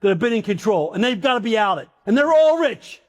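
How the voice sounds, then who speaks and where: A man's voice: high voice, big pitch swings, brisk. An older man, a former congressman, telling stories in an interview in an emphatic, indignant way.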